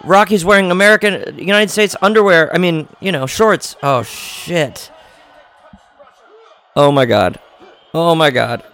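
A slow-talking man, gasping as he reacts. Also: a little high. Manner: excitable, exclaiming and gasping; jokey asides. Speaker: podcast host. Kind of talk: live reaction commentary while watching a film.

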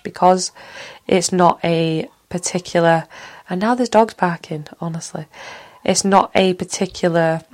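A woman's voice: fairly low pitch, steady tone, normal speed. Outspoken Mancunian woman in her thirties. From Manchester, England. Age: 30s. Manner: rambling, drifts from one story to another; outspoken, frank and swears casually. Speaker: podcast host. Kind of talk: casual solo podcast chat.

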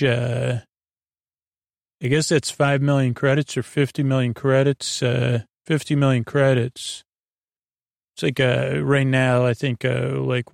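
A man's voice: medium pitch, gravelly, no room sound, clean studio sound. A man hosting a podcast, rambling through a sleepy episode recap with lots of fillers. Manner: rambling, halting with many fillers; loosely quotes characters without doing voices. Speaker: podcast host.

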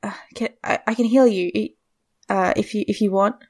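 A woman's voice: mid-range voice, fairly even intonation, moderate pace, a little mellow, lightly acted. A woman voicing a timid young healer who stammers as she offers help. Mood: nervous. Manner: stammering, unsure.

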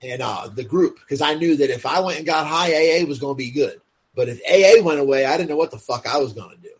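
Husky-voiced man, blunt and profane. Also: on the high side, quick pace. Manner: blunt and profane, many fillers like "like" and "you know". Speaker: podcast guest. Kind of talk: candid personal storytelling. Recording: dull lo-fi sound.

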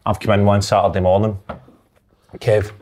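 A man's voice: on the low side, flat delivery, normal speed, a little mellow. Cheeky man telling a prank story. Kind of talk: casual storytelling.

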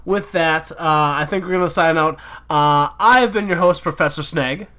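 A man hosts a casual podcast outro, his voice bright and a touch high. He rambles loosely with plenty of ums and uhs. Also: moderate pace. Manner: rambling, many fillers. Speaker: podcast host.

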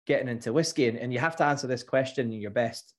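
A podcast host leads an interview with a relaxed, jokey manner and laughs often. The voice sits at a middling pitch and stays easygoing throughout. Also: quick pace.

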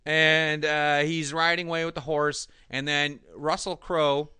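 A man in casual chat, animatedly retelling a movie plot with lots of laughter and deadpan quoted lines. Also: on the high side, a little slow, clear, resonant tone, no room sound.

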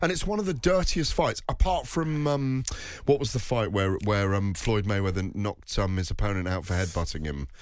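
Low-voiced man telling boxing anecdotes. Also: moderate pace, no echo. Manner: rambling, anecdotal, many fillers and restarts. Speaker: boxing podcast host. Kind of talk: casual sports chat.

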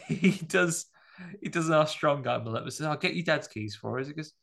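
A man's voice: fairly high pitch, expressive, normal speed, vocal fry, a bit bright. A man in casual podcast chat, animatedly retelling a film's plot and acting out the characters' lines. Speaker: podcast co-host. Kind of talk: casual chat recapping a film.

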